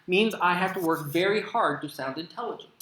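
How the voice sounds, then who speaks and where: American male keynote speaker, animated and emphatic, bright tone, roomy hall sound. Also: sits high, brisk. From United States. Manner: animated, sarcastic asides, emphatic. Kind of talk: conference keynote talk. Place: conference hall.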